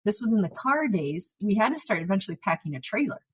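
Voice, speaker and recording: A woman from South Dakota hosting a podcast, telling a story in casual chat with an animated, laughing manner. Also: medium pitch, fast, slightly rough. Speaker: podcast host.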